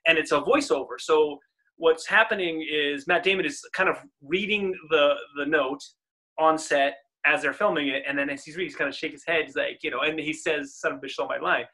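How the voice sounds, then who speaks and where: Bright-voiced chatty man in his forties. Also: a little high, moderate pace. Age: 40s. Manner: chatty, laughs easily, animated retelling. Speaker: podcast co-host. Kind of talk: casual chat.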